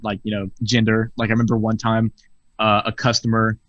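A man chatting as a podcast guest, telling animated, profane stories and laughing as he goes. His voice sits at a middling pitch. The sound is dry and a bit muffled, as on a video call. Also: a little fast, dry recording. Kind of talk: casual storytelling chat.

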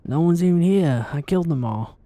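A man giving excitable let's play commentary, swearing often and taunting his enemies as he plays. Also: a little high, brisk. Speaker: gaming channel host.

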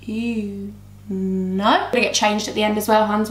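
A woman's voice: mid-range voice, steady tone, measured pace. A woman, chatting and rambling through a makeup tutorial as she talks to her camera. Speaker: beauty vlogger. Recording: roomy echo.

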